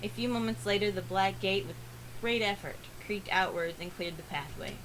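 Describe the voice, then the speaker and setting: A woman reading a visual novel aloud for a let's play, earnest, with dramatic pauses. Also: medium pitch, fairly bright tone, slight background noise, poor audio.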